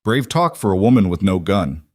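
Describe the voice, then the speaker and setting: Guy voicing a nasty snarling outlaw, sneery and mean, bit lower voice, dry close sound. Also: very animated, normal speed, darkish tone, dry recording. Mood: menacing. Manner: snarling, contemptuous. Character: ruthless young male outlaw, bitter and threatening.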